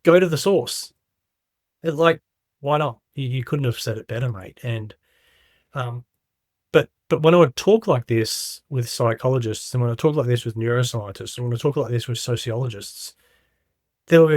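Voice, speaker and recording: A man's voice: mid-range voice, normal speed, darkish tone, dry recording, clean studio sound. A middle-aged man, a podcast guest, making his points with emphatic stories and rhetorical questions. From Australia. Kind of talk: casual podcast conversation.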